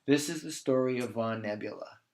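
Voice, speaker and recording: A man's voice: mid-range voice, a little hiss or hum. Playful man telling a made-up story. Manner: animated, playful, slows for emphasis. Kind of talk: improvised children's story.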